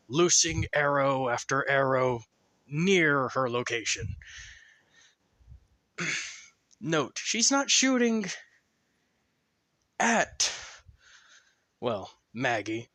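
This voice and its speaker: Guy casually narrating a fan story, slow and loose, voice goes up and down, dry close mic. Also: on the high side, lively intonation, bright, forceful tone, no echo. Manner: loose, conversational, with fillers.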